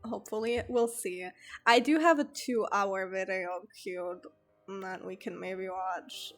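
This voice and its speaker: A woman's voice: medium pitch, fairly even intonation, a little slow, soft background music. A young woman streamer with a slight lisp from a retainer, chatting casually and rambling through a storytime, swearing freely.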